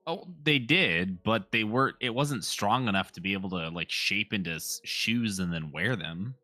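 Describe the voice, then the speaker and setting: A man's voice: on the low side, expressive, normal speed, pushed and bright, soft background music. A man playing in a tabletop game, chatting casually and explaining things hesitantly with fillers. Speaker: player.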